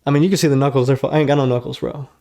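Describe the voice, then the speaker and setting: Man, podcast guest, animated, slang-heavy, profane, roomy echo. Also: medium pitch, rapid-fire. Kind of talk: casual storytelling.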